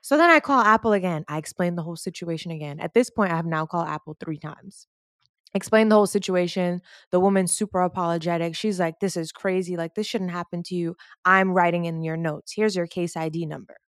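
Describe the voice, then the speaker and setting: Animated woman telling a frustrating story. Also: brisk, no room sound, clean studio sound. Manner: animated, quotes others in lowered voice, rises when exasperated. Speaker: podcast co-host. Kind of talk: casual storytelling chat.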